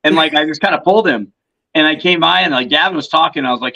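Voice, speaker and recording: A man's voice: fairly high pitch, quick pace, gravelly, sharp tone, muffled recording. A man guesting on a podcast, telling stories in a rambling, casual way full of fillers and restarts. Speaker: podcast guest, reptile vendor. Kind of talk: casual storytelling chat.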